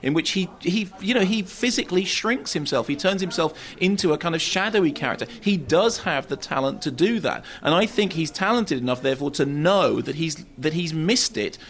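Animated man reviewing films. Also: on the high side, brisk, few pauses. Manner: animated, emphatic, repeats words when starting. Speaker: film critic. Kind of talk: radio film review discussion.

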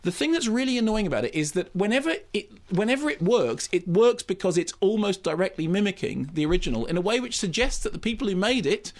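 A man's voice: high voice, animated, fast talker, few pauses. A man giving an impassioned, emphatic radio film review, often restarting his sentences. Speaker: film critic.

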